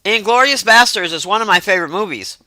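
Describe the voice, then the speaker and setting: A woman's voice: mid-range voice, animated, quick pace, sharp tone, no echo. A woman hosting a livestream, chatting loosely and reacting to messages from her chat. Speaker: livestream host.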